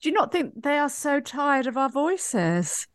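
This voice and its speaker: A woman's voice: sits high, very animated, a little slow, dry recording, studio quality. A woman and comedian co-hosting a podcast, chatting casually with playful, teasing banter.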